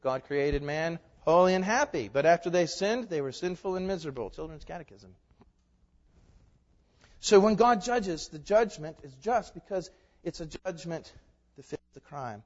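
A man's voice: a little high, lively intonation, normal speed. Emphatic preacher man in an echoey hall. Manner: emphatic, rhetorical questions, swings from loud to hushed. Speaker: pastor. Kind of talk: sermon. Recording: echoey hall, dull lo-fi sound.

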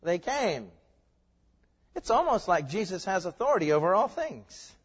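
A man's voice: high-pitched, big pitch swings, moderate pace, breathy edge. Male preacher, emphatic sermon delivery, echoing church sanctuary, dull sound. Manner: emphatic, rising to fervent peaks. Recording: muffled sound with long hall reverb.

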